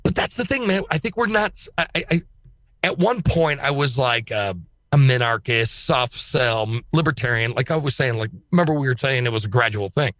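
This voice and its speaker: A man speaking as a guest on a podcast, talking in an emphatic, excitable way and swearing freely. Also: mid-range voice, moderate pace, dry recording, clean studio sound. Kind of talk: casual podcast chat.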